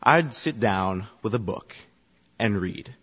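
A man's voice: lowish voice, animated, takes it slowly, a bit bright, husky. A man on church youth ministry staff telling a self-deprecating personal story to a congregation, chatty and full of fillers. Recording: echoey hall, dull sound.

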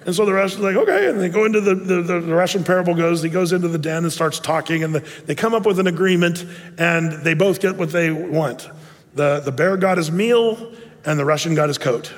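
A man preaches a sermon in a fairly high voice, telling his stories with lively energy and frequent restarts. The sound carries a long reverb, as in a large church hall. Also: fairly quick. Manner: animated storytelling with many restarts. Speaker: pastor.

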